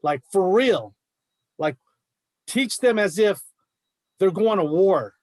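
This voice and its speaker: A man's voice: high voice, lively intonation, slow pace, darkish tone, no echo. A middle-aged man, a martial arts coach, talking in a fired-up, emphatic way on a podcast. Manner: fired-up, emphatic, says bro a lot. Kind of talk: casual podcast chat.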